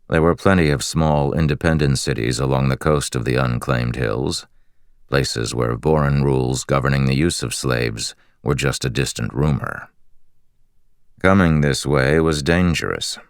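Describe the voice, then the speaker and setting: A man reading a fantasy audiobook in a measured, steady storytelling manner on a close studio mic. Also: rumbling low, creaky, smooth, dry recording. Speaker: audiobook narrator. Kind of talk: scripted fantasy narration.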